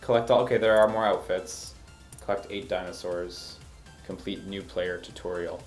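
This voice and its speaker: A man giving casual game review commentary, sarcastic and exasperated, breaking into animated rants. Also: low voice, normal speed, soft background music.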